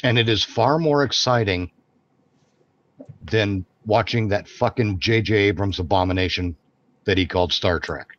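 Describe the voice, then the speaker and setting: A man's voice: fairly low pitch, moderate pace, fairly bright tone. A man co-hosting a live stream, chatting casually and ranting with lots of swearing. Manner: profane, ranting. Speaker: co-host. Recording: dull lo-fi stream audio with background noise.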